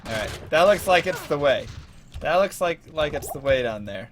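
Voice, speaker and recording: A man live-streaming a game, joking, laughing a lot and yelling when excited. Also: fairly high pitch, moderate pace, background noise.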